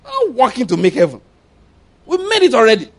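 A middle-aged male pastor preaching a sermon in an emphatic, animated way, often repeating his phrases. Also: very high voice, a little fast.

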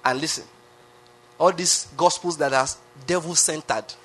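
A Nigerian-accented pastor preaching a sermon with emphatic repetition, often asking the congregation questions. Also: male voice, a little high, measured pace, bright, forceful tone. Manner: emphatic, repeats phrases, asks the crowd questions.

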